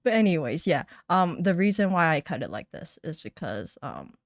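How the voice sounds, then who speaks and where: A woman's voice: deep voice, sing-song, normal speed, no room sound, clean studio sound. A woman streamer chatting casually and teasing herself, laughing often as she reacts to an old stream of hers.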